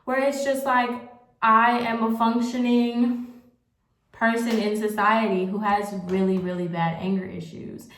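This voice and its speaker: A woman's voice: on the high side, level tone, unhurried, slight background noise. A young woman vlogging in a candid, rambling way, filling her talk with "like" as she chats while getting ready at home. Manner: rambling, candid, heavy use of "like". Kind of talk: casual confessional chat. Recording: roomy echo.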